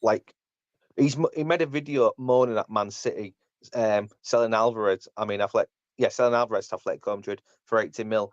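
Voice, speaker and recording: A man's voice: on the low side, a little fast, no echo. Blunt man, lo-fi dry sound. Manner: blunt, mocking, rants. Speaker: podcast host. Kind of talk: casual football chat.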